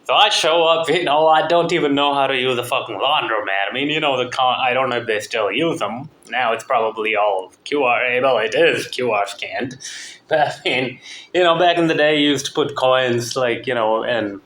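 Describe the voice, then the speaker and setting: A man's voice: medium pitch, normal speed, a bit bright. Opinionated man in an echoey room. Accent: mixed, partly American Southern. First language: not English. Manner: profane, opinionated, digressive. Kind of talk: rambling monologue.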